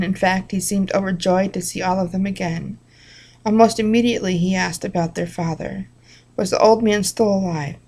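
A woman reading a Bible devotional book aloud at an unhurried pace, breaking off now and then for brief personal asides. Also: mid-range voice, a little mellow.

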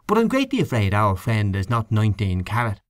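A man's voice: on the low side, huge pitch swings, fairly quick, dry recording, clean studio sound. A man voicing a grumbling, gossipy middle-aged canvasser in a storybook reading, scornful and snuffling, with a conspiratorial manner.

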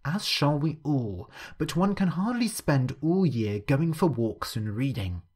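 A man's voice: a little high, animated, measured pace, a little mellow, slightly rough, pitched above the performer's own voice. A man voicing a curt, cold older housekeeper in a storybook reading. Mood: weary. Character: stern older Victorian housekeeper woman.

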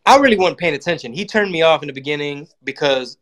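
Animated, profane man. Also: on the high side, fast. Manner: animated, profane, acts out quotes in voices. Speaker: comedian and channel host. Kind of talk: casual political monologue.

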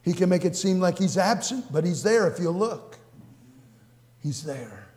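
Preaching at a moderate pace in a high voice, this pastor weaves personal testimony into his sermon. He is earnest, repeats phrases, and alternates between hushed and exclaiming, with long church reverb filling the sanctuary.

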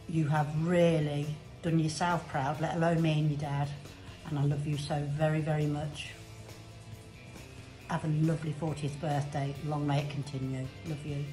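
Woman, 60s, mother, low mellow voice, proud and tender, measured, birthday message. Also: poor audio.

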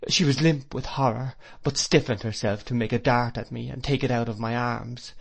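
Adult male audiobook narrator, steady classic-novel storytelling at a middle pitch. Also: moderate pace, creaky.

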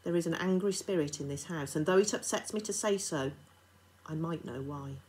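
A woman reading aloud, voicing a stern aristocratic lady who is also a grieving mother, commanding at first and then strained and halting. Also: low-pitched, darkish tone, lightly acted, poor audio. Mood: grave.

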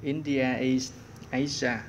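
Slow man talking through a workbook. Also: medium pitch, little pitch movement, a little hiss or hum. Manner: slow, thinking aloud while searching. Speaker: English teacher. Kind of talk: workbook walkthrough lesson.

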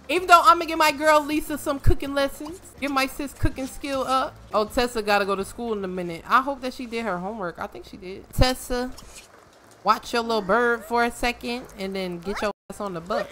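A woman giving casual let's-play commentary, animated and joking, swearing freely and scolding the characters on screen. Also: a little high. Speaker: gaming streamer.

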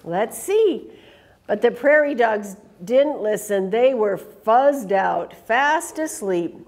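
A woman reading a picture book aloud to children in an animated way, stopping to ask them questions. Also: a little high, takes it slowly. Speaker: storytime reader.

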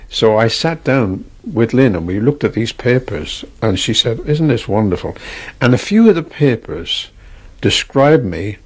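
A man's voice: medium pitch, very animated, measured pace, slightly rough. An older man with an Irish accent, chatting about his past and acting out the people he quotes. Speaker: interviewee, singer. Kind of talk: anecdotal reminiscing.

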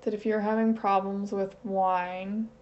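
A woman's voice: mid-range voice, level tone, measured pace. A woman channeling on her own in a casual, hesitant way, thinking aloud and questioning herself as she goes. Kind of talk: casual solo channeling session. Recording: slightly dull lo-fi audio with faint noise.

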